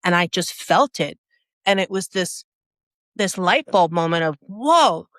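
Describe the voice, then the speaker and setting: A woman who founded an app, appearing as a podcast guest, tells a personal story casually with many restarts, bringing it to life by acting out other people's lines and her own reactions. Her voice is fairly low, fairly even in intonation, unhurried and a bit bright. The sound is clean studio audio with no echo.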